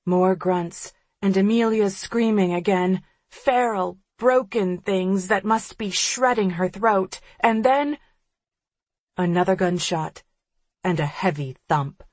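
A woman reading an audiobook in the first person, measured and tense. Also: medium pitch, no echo. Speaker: audiobook narrator.

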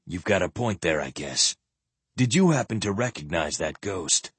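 A man voicing a worried middle-aged male squire in an audiobook, speaking gravely, low and quiet. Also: expressive, moderate pace, no room sound, full character voice.

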